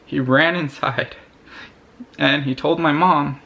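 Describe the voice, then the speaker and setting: A young man speaks to camera in a personal vlog. His voice sits a little high and has a gravelly fry. He talks earnestly and haltingly, often breaking off and restarting his sentences. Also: fairly even intonation, sharp tone. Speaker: vlogger.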